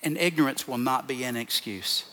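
Pushed and bright, a mid-range male voice moves at normal speed as a pastor delivers an emphatic sermon to his congregation. He keeps heaping up short repeated phrases, and a large hall lends long reverb to the sound.

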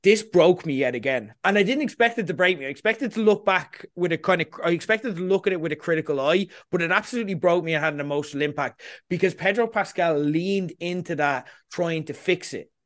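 A man hosting a casual podcast discussion, talking in an animated way and often asking "you know what I mean". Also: sits high, a little fast. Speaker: podcast host.

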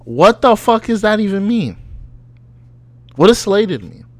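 A man's voice: high voice, sing-song, unhurried, no room sound. A man co-hosting a casual podcast chat, loose and profane, joking and reacting with disbelief. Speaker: podcast co-host.

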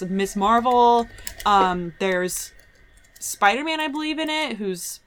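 A woman hosting a casual pop-culture podcast, animated and emphatic, often trailing off mid-sentence. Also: fairly high pitch, takes it slowly, slight background noise. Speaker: podcast host reading news.

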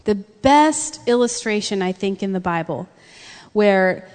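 A woman preacher giving a sermon with animated storytelling, acting out quotes. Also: mid-range voice, measured pace. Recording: long reverb of a large hall.

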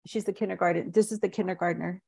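Gravelly-voiced woman telling her story. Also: on the low side, steady tone, mellow. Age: 40s. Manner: earnest, halting, many restarts. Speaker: guest. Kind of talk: podcast interview, personal story.

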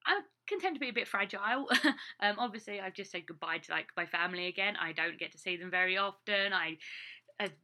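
Speaking fast and expressively, a young English woman who works as a teacher abroad rambles chattily through a casual vlog, using many fillers. Her voice is medium-pitched with a sharp tone.

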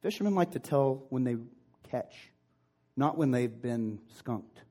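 A male pastor with a medium-pitched voice delivers a sermon in an animated, unhurried way. He retells a story with impassioned emphasis that sinks into hushed, intimate passages.

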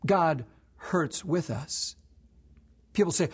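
A male pastor delivering a sermon with a fairly high, husky voice. He drops to near whispers for prayer, then climbs in pitch and force for emphasis. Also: lively intonation, slow pace. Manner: swings between soft hushed prayer and rising impassioned emphasis.

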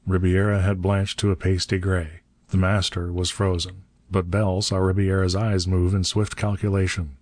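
A man narrates an adventure audiobook in a very deep voice. His reading is steady and measured. The recording is dry and close, with no room sound. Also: dry recording.

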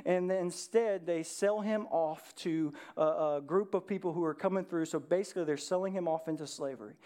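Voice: medium pitch, a little fast, mellow. A preacher giving a sermon as conversational storytelling, asking the listeners questions and tagging lines with "right?". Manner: addresses listeners directly with questions.

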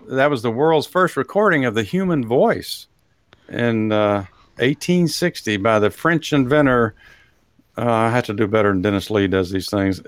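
A man's voice: mid-range voice, no room sound, clean studio sound. A man with a Texan accent hosting a casual talk show, rambling with many fillers and frequent chuckles. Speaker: host. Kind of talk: casual podcast chat.

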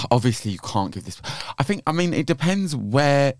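A man's voice: medium pitch, big pitch swings, moderate pace, dry recording, clean studio sound. A man co-hosting a podcast, telling stories with a lot of giggling. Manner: giggly, gossipy storytelling. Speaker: podcast co-host. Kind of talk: casual chat.

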